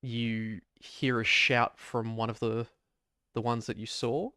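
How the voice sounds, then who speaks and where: A man as game master, narrating a tabletop game in a measured, descriptive way. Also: mid-range voice, little pitch movement, bright, forceful tone, smooth, no room sound, clean studio sound.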